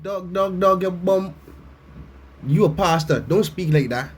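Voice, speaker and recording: A man giving a loud, blunt comic reaction rant, swearing and mocking as he talks. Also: high-pitched, measured pace, a little hiss or hum. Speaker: reaction commentator. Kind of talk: profane comedic reaction rant.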